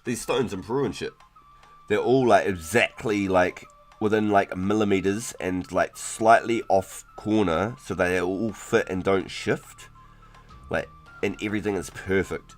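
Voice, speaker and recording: Low-voiced kiwi dude just rambling on stream, loose and laid back, bit of music in the back. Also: male voice. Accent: New Zealand. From New Zealand. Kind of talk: casual live-stream chat.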